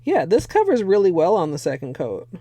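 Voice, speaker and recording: A woman's voice: lowish voice, wildly swooping pitch, a little fast, warm tone. A young woman casually chatting on a livestream while painting her nails, swearing freely and laughing often. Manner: chatty and profane, laughs often, thanks viewers. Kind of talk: casual livestream chat while doing a manicure.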